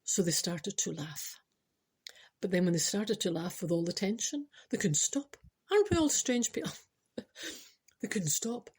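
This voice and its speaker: A woman's voice: fairly low pitch, unhurried, pauses often, slightly rough. Chatty Scottish woman telling a comic tale. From Scotland. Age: 40s. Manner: chatty, keeps saying "I know", ad-libs and digresses. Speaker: comic storyteller. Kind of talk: rambling comic monologue.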